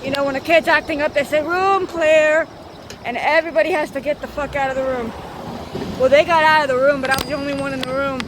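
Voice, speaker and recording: High-voiced woman rambling over traffic. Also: steady tone, fast talker. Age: 30s. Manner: rambling, profane, repetitive. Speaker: vlogger. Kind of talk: storytime vlog. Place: outdoors, riding a bike.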